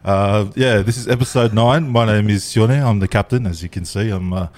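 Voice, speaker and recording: A man's voice: fairly low pitch, moderate pace, darkish tone. Laid-back man hosting a podcast. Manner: joking, teasing and laughing often. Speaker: podcast host. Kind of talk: casual podcast chat.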